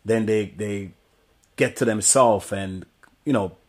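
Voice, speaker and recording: A man who referees games, talking sincerely on a podcast in a halting way, often repeating words. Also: fairly low pitch, a little mellow. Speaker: sports referee. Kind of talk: casual podcast chat.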